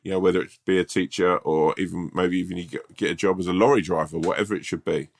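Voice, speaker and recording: A man's voice: sits low, fairly even intonation, quick pace, vocal fry. A man co-hosting a casual advice podcast, laid-back and rambling, giving heartfelt advice with lots of restarts. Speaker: podcast co-host.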